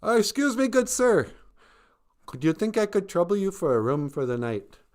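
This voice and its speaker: A man's voice: high-pitched, sing-song, moderate pace, a little mellow, pitched above the performer's own voice. A man voicing an easygoing husband who turns mock-polite when asking for a room. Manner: laid-back, falsely formal when asking.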